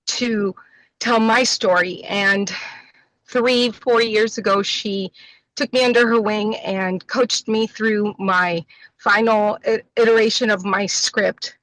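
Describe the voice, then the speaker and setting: A middle-aged woman with a bright, forceful, slightly high voice gives an emotional tribute over a video call from her parked car. She slips Spanish endearments into her English, and her voice sounds close and dry. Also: dry recording, low-quality recording. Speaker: guest well-wisher.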